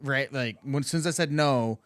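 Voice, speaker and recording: A man's voice: mid-range voice, fairly quick, fairly bright tone, no room sound. A man telling a long personal story in casual podcast chat, full of profanity and acted-out quotes in a raised voice.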